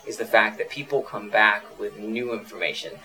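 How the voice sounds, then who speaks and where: A man's voice: fairly low pitch, fairly quick, sharp tone, poor audio. A man hosting an interview, asking long, curious, probing follow-up questions in a casual way. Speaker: host interviewer.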